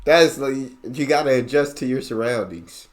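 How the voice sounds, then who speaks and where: An American man gives casual reaction commentary, chatty and quick to laugh. He throws in emphatic little asides between thoughts. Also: mid-range voice. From United States. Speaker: reaction video host.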